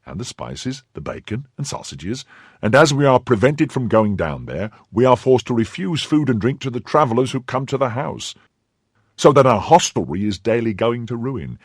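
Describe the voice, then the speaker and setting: A man's voice: medium pitch, big pitch swings, moderate pace, slightly rough, no room sound, studio quality. A man voicing an anxious middle-aged innkeeper who complains plaintively, in an audiobook. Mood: complaining.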